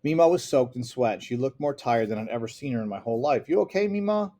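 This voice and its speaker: A man narrating a first-person novel aloud with steady, earnest delivery. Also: medium pitch, quick pace. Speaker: audiobook narrator. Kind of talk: first-person audiobook reading.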